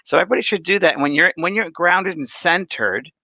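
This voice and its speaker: A man in his sixties, a medium, telling stories in a chatty, animated way on a spiritual talk show and acting out the voices he quotes. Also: high-pitched, fairly quick, vocal fry, no room sound, poor audio. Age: 60s. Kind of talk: spiritual conversation on a live show.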